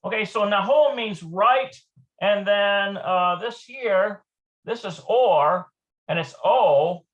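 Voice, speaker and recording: Guy with a high voice going through a hebrew lesson, kinda muffled recording. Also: slow pace, a bit bright. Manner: thinks aloud while explaining. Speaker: Hebrew teacher. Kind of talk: informal language lesson. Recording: dull lo-fi recording.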